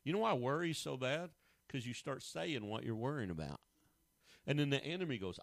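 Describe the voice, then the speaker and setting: A middle-aged man delivers a sermon, punching key words and firing rhetorical questions in a plain, folksy manner. His voice sits at an ordinary male pitch and sounds close and dry, with almost no room around it. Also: animated, fairly quick, vocal fry, no room sound. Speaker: pastor.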